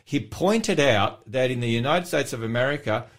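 Chatty Australian pastor on radio. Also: male voice, medium pitch, moderate pace. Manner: chatty, animated, laughs often, rambling with fillers. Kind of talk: casual radio chat. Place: radio studio.

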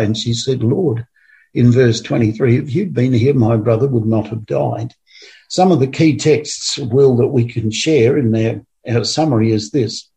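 A man's voice: mid-range voice, creaky, mellow. A man leading a Bible study, retelling scripture passages in a conversational way with asides. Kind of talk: informal Bible study explanation.

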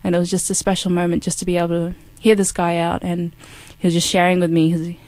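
Low-voiced earnest woman telling a story. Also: level tone, fast talker, darkish tone, dry recording. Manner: earnest, with many fillers and restarts. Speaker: guest sharing a testimony. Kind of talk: casual storytelling.

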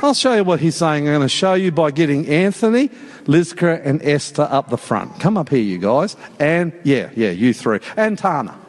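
High-voiced preacher in an echoing church. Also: male voice, normal speed. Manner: lively, joking, calls out to the congregation. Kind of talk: sermon. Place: church worship service. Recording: long hall reverb in a church.

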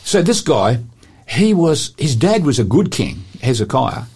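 A man, presenting a talk show and telling Bible stories with lively quoted voices. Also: medium pitch, a little slow, breathy edge. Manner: animated storyteller acting out quotes.

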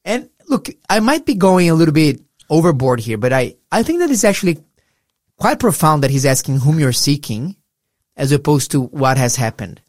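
A man's voice: on the high side, very animated, moderate pace, no room sound, clean studio sound. A middle-aged man co-hosting a casual Bible discussion, earnest and reflective in a pastoral way. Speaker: podcast co-host.

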